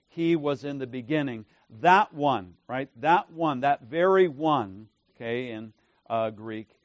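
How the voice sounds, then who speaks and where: A man teaching a class, stressing key words and often checking in with his listeners by asking "right?". His volume swings between loud emphasis and soft, drawn-out phrases. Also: on the high side, dry recording. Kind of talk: lecture to a class.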